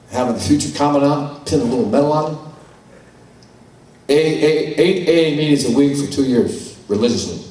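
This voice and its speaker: A man's voice: mid-range voice, a little mellow, recorded from a distance. An older man giving a blunt, salty, folksy talk at a conference, telling personal stories. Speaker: conference speaker. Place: large conference hall. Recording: roomy hall, voice from afar.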